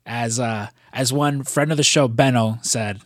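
A man co-hosting a casual podcast, rambling along with plenty of fillers and offhand swearing. His voice sits in an ordinary middle pitch. The sound is dry and close, with no room echo. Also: measured pace, fairly bright tone. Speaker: podcast co-host.

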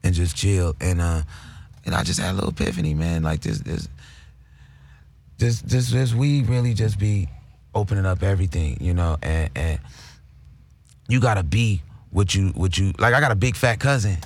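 A man chatting casually, loose and rambling. His low voice is gravelly and a bit husky. His pitch swings widely as he talks. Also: animated, moderate pace, a little mellow. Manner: laid-back, rambling, puts on high and deep voices. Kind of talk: casual chat.

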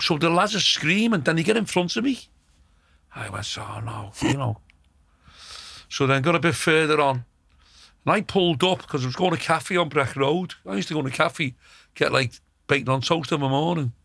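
A man, telling lively anecdotes in casual chat, acting out quotes and swearing freely. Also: a little high, a little fast, gravelly, dry recording, studio quality. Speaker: guest.

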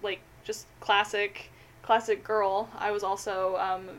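A woman's voice: medium pitch, level tone, slow pace, fairly bright tone. A young woman co-hosting a podcast, gushing and giggly, with many fillers. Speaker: podcast co-host. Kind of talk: casual chat. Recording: faint background noise, lo-fi podcast audio.

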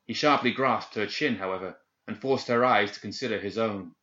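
A man reads a dark fantasy story in a measured, dramatic way, his low voice carrying a bright, forceful edge. The recording is muffled and lo-fi. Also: reverberant. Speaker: narrator. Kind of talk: scripted dark fantasy narration. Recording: dull lo-fi recording.

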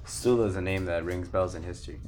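A man's voice: low-pitched, steady tone, quick pace, a little mellow, soft background music. A young man co-hosting a podcast, chatting casually with short, easygoing replies. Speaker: podcast co-host.

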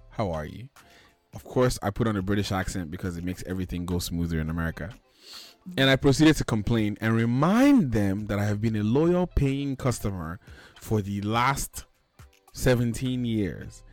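A man hosting a podcast in casual chat, ranting animatedly and swearing freely. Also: lowish voice. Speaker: podcast host.

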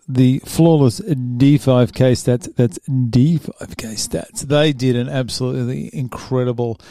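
Mellow-voiced Australian man, rambling chat. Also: medium pitch, no echo, clean studio sound. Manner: joking, rambling, stumbles over names. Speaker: podcast host giving fight picks. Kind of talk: casual chat.

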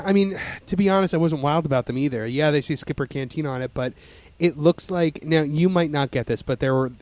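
A man's voice: fairly high pitch, a little mellow, dry recording. A man in casual chat as a podcast host, rambling with lots of fillers and restarts.

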